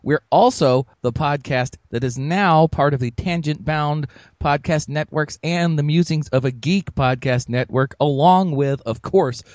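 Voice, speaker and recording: A man's voice: on the high side, unhurried, darkish tone, no room sound, muffled recording. A man co-hosting a podcast, chatting casually and joking as he rambles through the topic. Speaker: podcast co-host.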